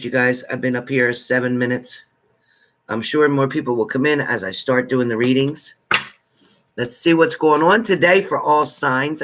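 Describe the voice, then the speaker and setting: A man's voice: mid-range voice, bright, forceful tone. A man hosting a live tarot stream, chatting casually and greeting viewers by name with familiar terms like honey.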